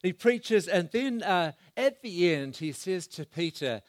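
A man preaching a sermon, swinging between loud bursts and hushed asides as he asks the congregation questions. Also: high-pitched, animated, a little slow, no room sound, clean studio sound.

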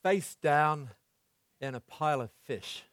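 A man preaching a sermon, swinging between loud bursts and hushed asides as he asks the congregation questions. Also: a little high, slow pace, dry recording.

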